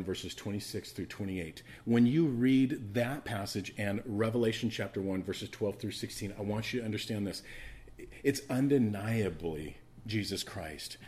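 A man preaching a sermon in a lowish voice. He swings from loud, emphatic stretches to hushed, quiet asides. He repeats words and restarts phrases for emphasis.

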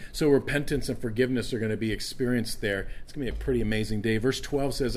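A man's voice: mid-range voice, quick pace, few pauses, darkish tone. Man preaching an earnest evening sermon. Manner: earnest teaching with emphatic stresses. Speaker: pastor.

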